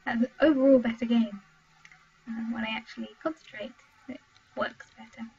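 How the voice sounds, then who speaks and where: Excitable breathy young woman streamer. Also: on the high side, normal speed. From Wales. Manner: chatty, excitable, exclaims at the game. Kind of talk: live gameplay commentary and chat. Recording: dull lo-fi home stream audio.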